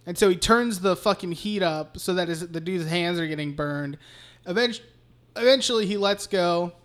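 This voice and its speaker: Retelling a horror film's story for a podcast he co-hosts, a man rambles, swears, and laughs his way through a casual recap. He has a high voice and speaks at a moderate pace.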